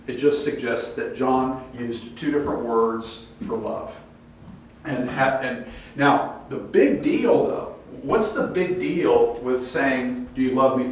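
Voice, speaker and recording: A man leads a church Bible class, talking casually and acting out quotes with sudden jumps in pitch. His voice sits in the middle range. He is picked up from a distance in a very echoey room, with a faint hiss behind him. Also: slow pace. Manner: animated, acts out quoted dialogue with rising pitch. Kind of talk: classroom lecture.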